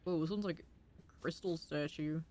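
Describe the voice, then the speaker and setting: A woman's voice: low-pitched, unhurried, dark tone. A woman streaming a game, reading its story dialogue aloud and reacting with laughter and swearing in casual commentary.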